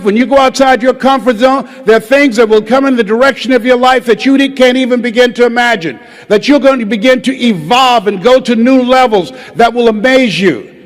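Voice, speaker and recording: Older male motivational speaker, high voice, call-and-response with the crowd, long reverb of a large hall. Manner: call-and-response, asks the crowd to raise hands and repeat lines; swings from loud exhortation to low, quiet storytelling. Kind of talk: motivational speech to a live audience. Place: large hall with a live audience.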